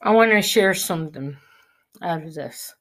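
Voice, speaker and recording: A woman's voice: fairly low pitch, expressive, a bit bright. A woman giving an earnest personal faith testimony, preaching encouragement. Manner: earnest, preachy, slow and deliberate.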